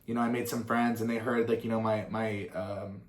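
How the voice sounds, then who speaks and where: A man's voice: fairly low pitch, level tone, fairly quick. A young man, a musician and content creator, answering fan questions in a casual chat, rambling with plenty of swearing and tangents. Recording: roomy echo.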